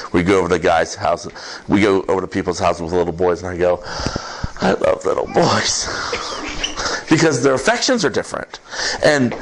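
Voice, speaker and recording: A man preaching a sermon as pastor to a congregation, in an animated, conversational way with quick asides. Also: sits low, noisy background. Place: church service with congregation.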